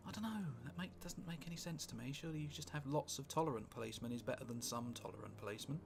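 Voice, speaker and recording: A British man casually commentating on a strategy game he is playing, rambling and wry, with sweary asides and thinking out loud. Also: mid-range voice, racing, vocal fry, background noise. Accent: British English. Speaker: gameplay commentator. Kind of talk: casual let's-play commentary. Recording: music playing underneath.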